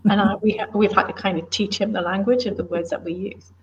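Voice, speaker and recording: A woman's voice: medium pitch, fairly even intonation, quick pace, dull audio, a little hiss or hum. A middle-aged woman from the UK, a former police officer and author, talking in an earnest, emphatic, plain-spoken way in a casual interview.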